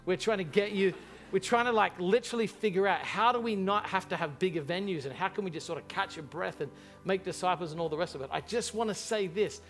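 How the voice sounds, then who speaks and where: A man preaching a sermon as pastor to a large church congregation, impassioned and animated in his storytelling. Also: high voice, fast, faint music behind.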